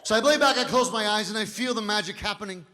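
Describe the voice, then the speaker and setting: Loud, bright-voiced stand-up man in his 50s. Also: sits high, fast talker. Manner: loud, physical storytelling with shouted punchlines. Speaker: stand-up comedian. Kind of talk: stand-up comedy set. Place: comedy club stage. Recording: live hall reverb with faint noise. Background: audience laughter.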